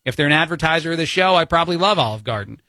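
A man's voice: on the high side, expressive, racing, bright, forceful tone, no room sound. A man with a New Jersey accent filling in as a talk radio host, giving opinionated, chatty commentary with many fillers into a studio mic.

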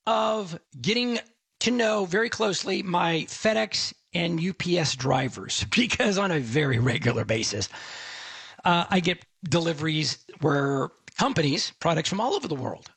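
A man's voice: on the high side, creaky, a bit bright, slightly rough, dry recording. A man from Texas hosting a radio show in a chatty, joking way, often breaking off and restarting. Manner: chatty, joking, self-interrupting. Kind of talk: casual radio talk.

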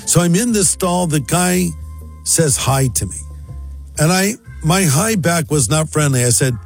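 A man's voice: a little high, a little slow. A male pastor telling a story and acting out both sides of a conversation, with faint music underneath. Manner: animated, acts out both sides of dialogue. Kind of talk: storytelling talk.

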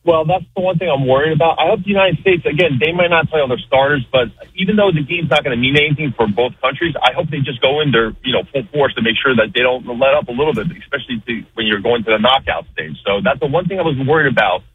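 A man's voice: mid-range voice, quick pace, few pauses, husky. A man calling in to a radio talk show, talking earnestly with many fillers. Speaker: radio caller. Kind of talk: casual call-in chat. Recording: tinny phone line with faint noise.

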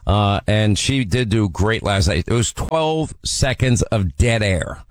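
A man's voice: lowish voice, expressive, takes it slowly, no echo. A man hosting a call-in radio talk show, needling and mocking a caller in a brusque way.

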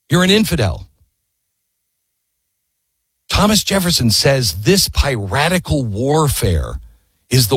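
Male history storyteller, husky, lively delivery, passionate and emphatic, dry close sound. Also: on the high side, no echo. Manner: impassioned, emphatic, rhetorical questions. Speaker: history commentator.

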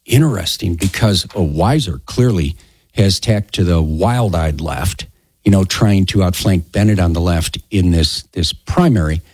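A husky-voiced man hosts a political talk radio show, speaking in a low register. He is emphatic and halting, doubling back on his words. The sound is dry and close. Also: a little mellow, no echo.

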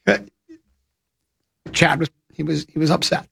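A man's voice: fairly high pitch, steady tone, unhurried, gravelly, fairly bright tone, husky. A man hosting a radio talk show, telling rambling, chatty anecdotes into a studio microphone. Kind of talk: casual radio storytelling.

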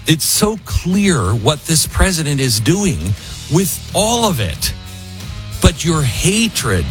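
Give me an emphatic male radio host with a husky voice and a lively, swinging delivery. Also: a little high, no echo. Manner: emphatic, animated, mocks others in put-on quotes. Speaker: radio talk show host. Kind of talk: opinionated radio talk and live ad reads.

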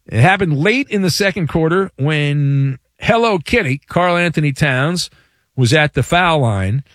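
A man hosting a sports talk radio show, delivering a playful, hyperbolic monologue with dramatic pauses. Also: fairly high pitch, lively intonation, a bit bright, no room sound, clean studio sound.

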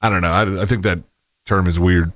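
A man's voice: low voice, steady tone, brisk, a bit bright, no room sound, studio quality. A man co-hosting a casual chat show, sounding skeptical and a bit hesitant. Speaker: podcast co-host.

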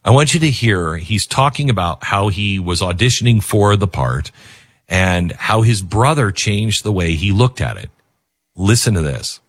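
Husky-voiced talk show host. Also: male voice, fairly low pitch, expressive, moderate pace, no room sound. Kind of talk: casual talk radio commentary.

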